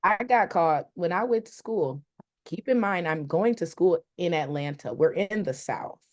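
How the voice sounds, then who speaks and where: A young woman with a Detroit accent, co-hosting a casual podcast chat, animated and quick to laugh, acting out the voices of people she quotes. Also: lowish voice. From Detroit, Michigan. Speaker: podcast co-host.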